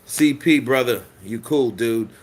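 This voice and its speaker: A man's voice: medium pitch, measured pace, breathy edge. A man hosting a live boxing news stream, joking and swearing casually while answering viewer comments. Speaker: host of a boxing news channel.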